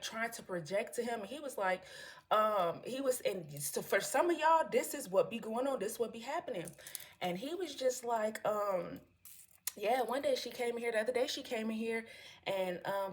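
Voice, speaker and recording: Woman vlogging to her followers, aave, rambling storyteller, keeps saying y'all and you know what i'm saying. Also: medium pitch. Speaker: vlogger telling a story to viewers. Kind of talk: casual storytelling, talking to followers.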